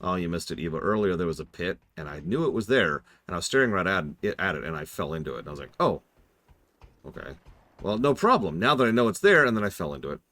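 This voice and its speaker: A man with a low voice gives casual commentary while streaming a game. He talks in a wry, rambling, self-deprecating way. His pitch swings widely. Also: sing-song, racing, few pauses, a bit bright.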